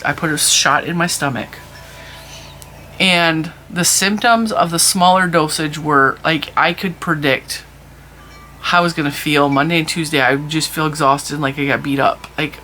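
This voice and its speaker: A woman's voice: low voice, bright, forceful tone, a little hiss or hum. A middle-aged woman hosting a crafting channel, chatting candidly at home and rambling through a personal story. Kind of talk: casual vlog chat.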